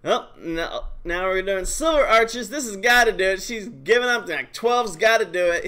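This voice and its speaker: High-voiced, excitable male stream host. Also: clear, resonant tone. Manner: excitable, joking, quick bursts of hype. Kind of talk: casual game commentary.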